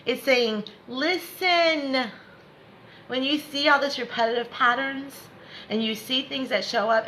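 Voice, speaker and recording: Bright-voiced woman teaching spirituality. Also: fairly high pitch, a little hiss or hum, low-quality recording. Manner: repetitive, encouraging, laughs often. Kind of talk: live online spiritual lesson.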